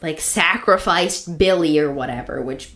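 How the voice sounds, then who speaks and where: Podcast co-host, woman, lowish voice, tired and punchy, dry swearing humor. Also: a little slow, fairly bright tone. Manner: wry, sweary, self-deprecating. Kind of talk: casual chat.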